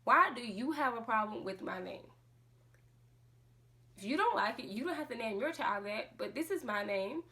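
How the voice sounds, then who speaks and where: A woman's voice: on the high side, animated, moderate pace, bright, forceful tone. A woman vlogging a casual monologue to camera, speaking with passion and firing off rhetorical questions. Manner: impassioned, full of rhetorical questions.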